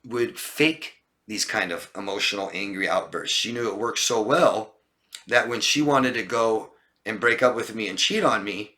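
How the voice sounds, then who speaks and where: Emphatic man coaching live, bright voice. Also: lowish voice, animated, normal speed. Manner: emphatic, repeats lists of words and asks "okay?". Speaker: relationship coach. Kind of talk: live-stream Q&A, reading and answering viewer comments.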